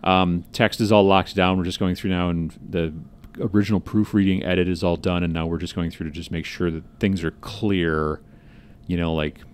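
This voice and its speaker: Male podcast co-host, deep register, loose rambling chat with fillers. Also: little pitch movement, moderate pace, clean tone. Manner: rambling, lots of fillers and restarts. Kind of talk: casual chat. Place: office.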